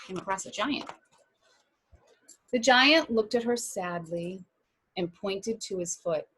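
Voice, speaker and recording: A woman reading a children's picture book aloud, with animated asides to her listeners. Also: mid-range voice, slow pace, long pauses, husky.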